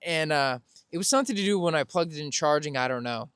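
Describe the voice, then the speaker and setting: A man with a slightly high, smooth and resonant voice tells a casual story as a podcast host. He rambles, corrects himself mid-sentence and laughs now and then. The sound is dry and close, with no room around it. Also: lively intonation, fast, fairly bright tone, no room sound. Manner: rambling, self-correcting, laughs while telling.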